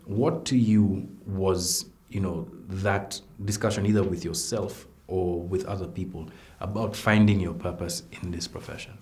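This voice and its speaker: A man's voice: low voice, steady tone, measured pace, hardly any pauses, a little mellow. A Kenyan man in his thirties hosting an interview, thoughtful and playful, slipping in Swahili phrases. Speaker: interviewer host. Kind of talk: conversational interview.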